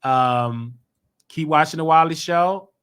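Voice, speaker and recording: Male show host, bright forceful tone, somewhat high voice, emphatic casual commentary. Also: slow, clear, resonant tone. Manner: emphatic, animated, rhetorical questions.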